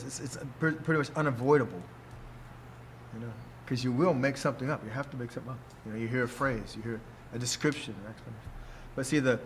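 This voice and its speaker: A man's voice: mid-range voice, a bit bright, a little hiss or hum. An older man teaching in a loose, rambling way, who keeps checking in with "see?" and chuckles often. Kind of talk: casual teaching talk.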